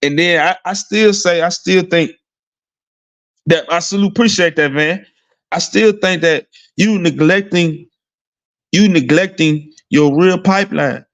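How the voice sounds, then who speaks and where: Brief: high-pitched male sports streamer, blunt and profane, rambling casual rant. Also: a little slow, fairly bright tone. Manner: rhetorical "see what I'm saying?" asides. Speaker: sports talk host. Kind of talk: casual sports talk livestream.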